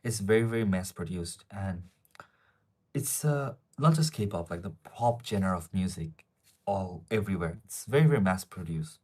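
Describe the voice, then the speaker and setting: Deep-voiced young man live-streaming. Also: lively intonation, normal speed, a little mellow. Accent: Asian-accented English. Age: 20s. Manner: rambling, reads chat questions aloud and answers them. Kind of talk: casual live-stream chat answering viewers.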